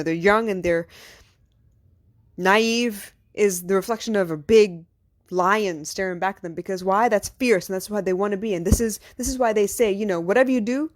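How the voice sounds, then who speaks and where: A woman's voice: medium pitch, dry recording. A woman hosting a podcast, a mother giving an earnest, encouraging motivational monologue full of rhetorical questions. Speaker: podcast host.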